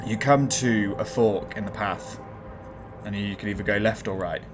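A man's voice: on the low side, moderate pace, over music. A man narrating a tabletop game as game master, describing scenes with many small hesitations.

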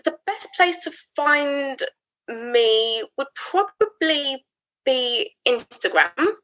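A woman's voice: sits high, expressive, very slow, a bit bright, rough recording. A woman guest on a podcast, talking casually with many fillers, explaining her course. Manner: chatty, uses many fillers and "like". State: emotional, tearful near the end. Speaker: guest, wellbeing business founder.

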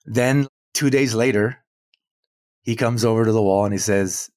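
Animated storytelling man, dry sound. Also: on the low side, moderate pace, no room sound. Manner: animated, acts out quoted dialogue, chuckles between points. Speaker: muralist guest. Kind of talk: storytelling interview.

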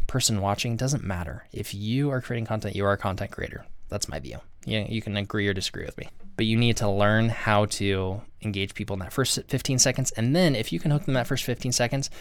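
A man's voice: fairly low pitch, fairly bright tone, dry recording. A man hosting his own channel, giving earnest, conversational advice to the camera and often restarting his sentences. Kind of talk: casual talk-to-camera advice.

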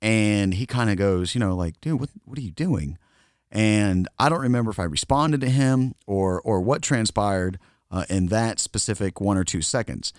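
Deep-voiced man telling a wild story. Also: normal speed, clean tone, dry recording, studio quality. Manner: animated, laughing storyteller. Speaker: podcast co-host. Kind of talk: casual storytelling.

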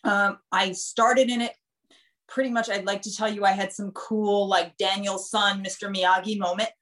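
Animated woman telling stories. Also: medium pitch, moderate pace. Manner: animated, acts out quoted voices in her stories. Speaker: guest, nurse and author. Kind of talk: casual storytelling interview.

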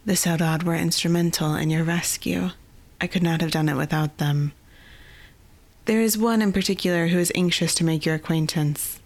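A woman voicing a tall, stately fae druid woman with a rich timbre, speaking slowly and formally. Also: fairly low pitch, steady tone. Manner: slow, formal and measured.

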